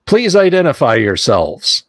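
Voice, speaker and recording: A man voicing a mechanical nature-preserve robot guard that makes flat, formal announcements in a tabletop game. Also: medium pitch, a little slow, creaky, no echo, clean studio sound, heavily acted. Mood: officious.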